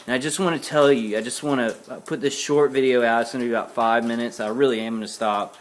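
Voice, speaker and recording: A man's voice: medium pitch, steady tone, fast talker, a little hiss or hum. A worn-out man ranting angrily to camera in a vlog, repeating himself and cussing. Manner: agitated, repetitive, cussing, ranting. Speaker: vlogger. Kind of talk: angry personal rant to camera.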